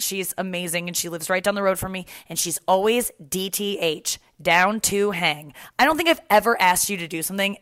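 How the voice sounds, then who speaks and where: A woman's voice: fairly low pitch, fairly bright tone, no room sound, studio quality. A young woman hosting a podcast from her apartment couch, chatting casually, laughing and swearing freely. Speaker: podcast host.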